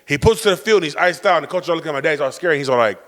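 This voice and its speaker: Fast-talking animated man telling stories. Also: a little high, long reverb tail. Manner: profane, animated storyteller acting out quotes. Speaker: podcast host. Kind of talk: casual storytelling chat.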